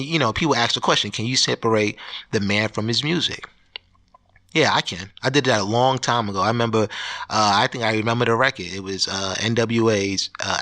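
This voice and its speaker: Hosting his own podcast, a man with a fairly low, sharp-toned voice goes on a solo rant. He rambles loosely, swears, and keeps restarting.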